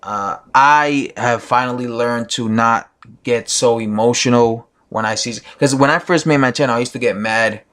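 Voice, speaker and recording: A man's voice: medium pitch, normal speed, fairly bright tone. A man giving his opinions in a casual vlog, rambling with many fillers and restarts. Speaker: boxing YouTuber.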